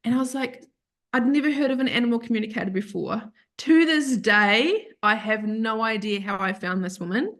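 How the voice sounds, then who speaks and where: A woman's voice: on the high side, animated, normal speed, a bit bright. Heartfelt woman telling a story. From Australia. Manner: heartfelt, rambling, self-correcting, tearful at moments. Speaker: podcast guest. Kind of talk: emotional personal storytelling.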